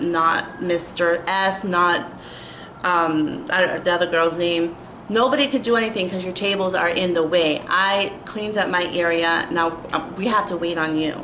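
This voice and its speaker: Young woman, storytime rant, exasperated, filler-heavy, bright crisp tone, echoey room. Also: fairly low pitch, slight background noise. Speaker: vlogger. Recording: echoey room with faint ambience.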